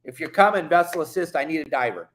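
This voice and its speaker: A man hosting a fishing show, telling a story with excitable, slangy exaggeration and a Californian accent. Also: on the high side, fast talker. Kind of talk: animated storytelling.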